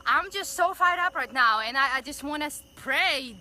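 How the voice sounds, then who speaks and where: A woman hosting a Facebook Live stream, chatting excitedly with viewers and leading a prayer of thanks. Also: sits high, normal speed, low-quality recording. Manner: excited, gushing, greets viewers by name. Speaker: community livestream host. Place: outdoors by a building, livestreaming. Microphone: phone livestream.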